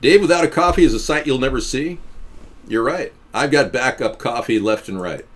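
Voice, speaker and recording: A man hosting a live stream, talking to his viewers in a sarcastic, ranting, jokey way and swooping between high and low voices. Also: normal speed.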